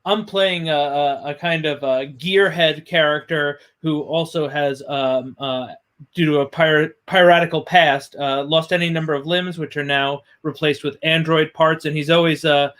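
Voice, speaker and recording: Hesitant male player, somewhat high voice. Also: fairly even intonation, moderate pace, a bit bright. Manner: hesitant, throat-clearing. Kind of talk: casual table chat.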